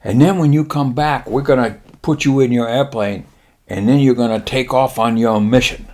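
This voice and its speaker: A man voicing a pompous old male naval admiral who speaks in a high, clipped, overly formal way. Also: normal speed, a little mellow, close to an everyday voice. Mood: coaxing.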